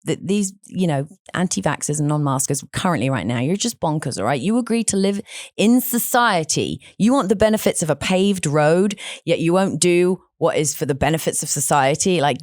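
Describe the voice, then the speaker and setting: Podcast host, woman, lower voice with lots of swing, outspoken chatty storyteller, dry close sound. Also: no room sound. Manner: animated and outspoken, with frequent restarts. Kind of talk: casual conversational storytelling.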